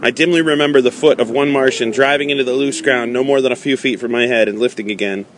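A man's voice: medium pitch, fairly even intonation, fast talker, a little hiss or hum. Man reading a dramatic tale. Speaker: narrator. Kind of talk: first-person storybook narration.

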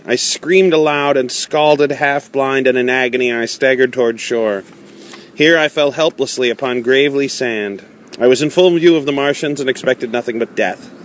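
Male narrator, mid pitch, measured dramatic storybook delivery, faint background noise. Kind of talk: first-person storybook narration.

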